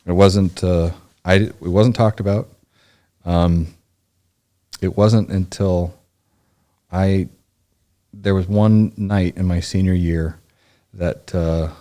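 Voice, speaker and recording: Interview guest, man in his forties, from Indianapolis: low, warm voice, halting storyteller. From Indianapolis, United States. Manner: rambling, halting, full of restarts and fillers. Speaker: podcast guest, former Navy SEAL and historian.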